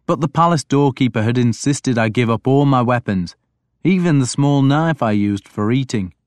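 A man narrates a story in the first person with a reflective, even delivery. His voice sits at a middle pitch. It is recorded dry and close, with no room sound. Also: moderate pace, no room sound. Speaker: audiobook narrator.

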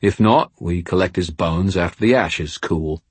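A coarse hireling, gruff and irritable, growling his words, as a male narrator voices him. The voice is low and husky with a dry, close sound. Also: a little slow, no room sound. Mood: gruff, cunning. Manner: annoyed, growling, swears constantly. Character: coarse, gruff British hired mercenary man.

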